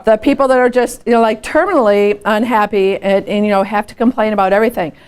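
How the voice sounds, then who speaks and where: A woman giving a lively motivational workshop talk, telling stories with rhetorical questions. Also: medium pitch, fast talker. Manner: animated storytelling, frequent rhetorical questions. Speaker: workshop speaker. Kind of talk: live motivational training talk.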